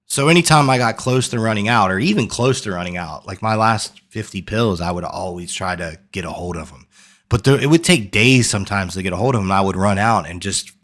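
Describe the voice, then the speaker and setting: Low-voiced man telling a candid story. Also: brisk, a bit bright. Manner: earnest, rambling, repeats phrases for emphasis. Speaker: coach. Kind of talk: candid personal story to camera.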